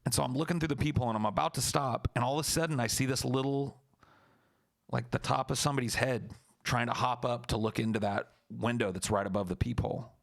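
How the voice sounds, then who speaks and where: A man's voice: mid-range voice, fast talker, gravelly. A young man streaming, telling a story casually and talking back to his chat in a profane, blunt, laid-back way.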